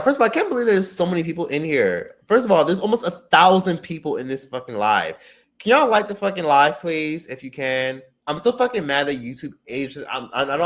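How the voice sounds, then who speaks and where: This is a livestream host going through comments in a relaxed setting. Profane and easily excited, he yells one moment and mutters under his breath the next.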